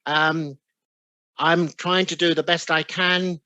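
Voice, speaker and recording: A high, bright man's voice with a London accent, speaking over a video call. He addresses the ceremony in a formal, courteous way, with small apologies as he reads out names. The sound is dry and close. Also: steady tone, takes it slowly, clean tone, no room sound, poor audio. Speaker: ceremony chairman.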